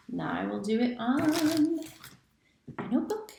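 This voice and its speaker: A woman's voice: on the high side, expressive, normal speed, vocal fry, dark tone. A woman teaching cursive handwriting, chanting the stroke names step by step. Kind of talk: handwriting lesson. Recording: echoey room.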